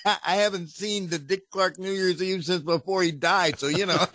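A man's voice: high-pitched, fairly even intonation, moderate pace, bright, forceful tone, dry recording, clean studio sound. A man who works in radio, co-hosting a podcast in playful, chuckling casual chat. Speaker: podcast co-host and radio announcer.

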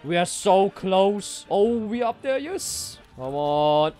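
A young man talks through his strategy game, his voice sitting a little high. He swears freely and jumps from quiet grumbling to loud outbursts. Faint music plays behind him. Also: slow pace. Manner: excitable, swearing, swings from mutters to shouts. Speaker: gaming streamer. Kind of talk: live strategy game commentary.

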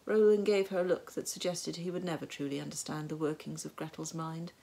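A woman narrating a storybook tale in a measured, wry way. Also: low voice, little pitch movement, vocal fry, dark tone, a little hiss or hum. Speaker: audiobook narrator.

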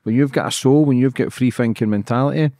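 A man's voice: mid-range voice, quick pace, mellow. A man hosting a podcast, asking questions casually and bluntly, swearing freely. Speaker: podcast host. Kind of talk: podcast interview.

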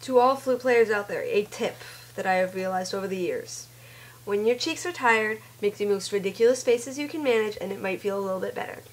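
A woman's voice: mid-range voice, fairly quick, poor audio. A sick young woman whose voice cracks, chatting casually and self-mockingly to the camera between flute pieces. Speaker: flute player and video host.

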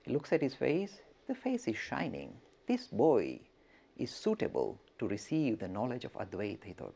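A male religious lecturer telling a story in an expressive way and speaking directly to his listeners. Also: mid-range voice, moderate pace, creaky, breathy edge.

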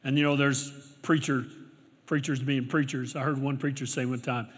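A middle-aged male pastor preaching a sermon, swinging from loud exclamations to quiet storytelling, recorded in a large church auditorium. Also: medium pitch, flat delivery, normal speed. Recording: long hall reverb.

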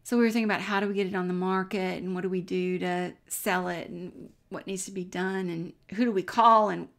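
Middle-aged woman, Christian speaker giving an earnest testimony, slight fry in the voice. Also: lowish voice, fairly even intonation, fairly quick. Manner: warm, earnest storytelling that drops to a near-whisper at times. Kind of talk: personal faith testimony, storytelling.

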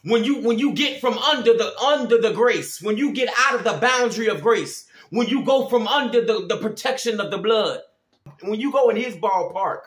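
A man with a very high voice preaches in an echoey room. He pleads over and over, rising to shouts and breaking into tongues. His tone is urgent and fervent. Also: animated, normal speed. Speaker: Christian preacher. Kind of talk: impassioned preaching.

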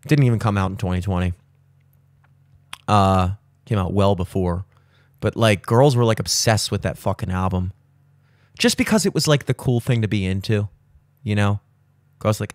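A man's voice: normal speed, pauses often, no room sound. A man in his thirties, hosting a podcast in casual chat, with profane, opinionated rambling. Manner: profane, opinionated rambling with animated jumps in pitch. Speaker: podcast host. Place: studio.

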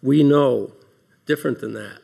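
A man's voice: mid-range voice, unhurried, vocal fry, mellow, slightly rough. A man giving opening remarks in an earnest devotional talk, asking rhetorical questions and reading scripture aloud. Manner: reads scripture passages aloud. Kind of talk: devotional talk to a large audience.

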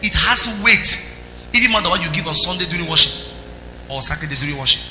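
A man preaching a sermon as pastor, emphatic, with sing-song rises and sudden soft drops. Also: on the high side, expressive, fast. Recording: echoey hall with music underneath.

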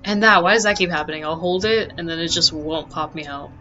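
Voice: medium pitch, fairly quick, sharp tone, muffled recording, soft background music. A gamer giving casual gameplay commentary, exclaiming often and getting easily frustrated while laughing at their own mistakes. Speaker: let's play gamer.

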